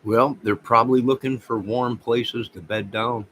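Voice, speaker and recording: A man's voice: mid-range voice, steady tone, a little slow, a bit bright, a little hiss or hum, poor audio. A man hosting a casual livestream, rambling and talking straight to his viewers. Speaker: livestream host.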